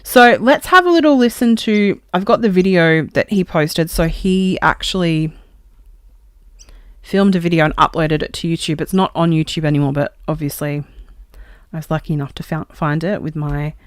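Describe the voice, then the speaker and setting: Smooth-voiced woman podcast host. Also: low voice, normal speed, no echo, clean studio sound. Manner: chatty, greets viewers, thinks aloud. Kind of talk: casual live true-crime podcast.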